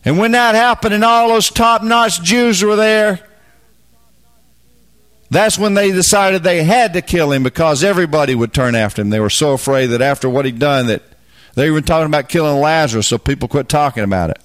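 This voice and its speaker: Folksy, emphatic high-voiced male preacher. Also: a little fast. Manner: folksy, emphatic, swings from low asides to loud bursts. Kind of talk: Bible teaching sermon.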